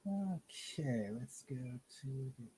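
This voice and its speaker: A woman's voice: a bass voice, animated, takes it slowly, mellow, slight background noise, low-quality recording. A woman hosting a casual chat, reading viewer comments aloud and laughing along. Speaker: host.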